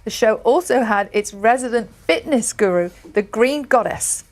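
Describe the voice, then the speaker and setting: A woman's voice: a little high, animated, moderate pace. A woman presenting a breakfast television show, teasing guests and introducing segments.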